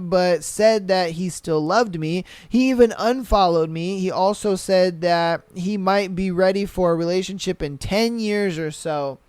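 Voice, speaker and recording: A young man with a high, smooth, resonant voice reads listener stories on his podcast. He breaks in with blunt, profane reactions, and the sound is close and dry. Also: no room sound. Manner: profane, animated, blunt commentary. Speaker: podcast host.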